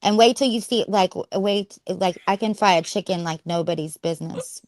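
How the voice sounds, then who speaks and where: A woman's voice: mid-range voice, brisk, darkish tone. A woman with a Southern US accent chatting as a guest, bubbly and boastful, laughing often. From Nashville, Tennessee, US. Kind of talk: casual chat.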